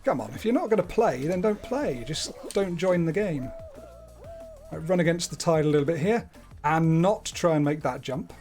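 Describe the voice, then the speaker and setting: A man's voice: fairly high pitch, expressive, moderate pace, darkish tone, soft background music. Chatty man commentating gameplay. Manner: chatty, playful, wordy asides. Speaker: gaming streamer.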